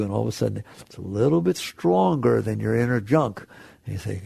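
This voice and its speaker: Earnest man with a gravelly voice. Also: on the low side, expressive, a little fast, mellow, no room sound. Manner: earnest, full of rhetorical questions. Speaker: spiritual author and teacher. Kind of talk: spiritual talk to an audience.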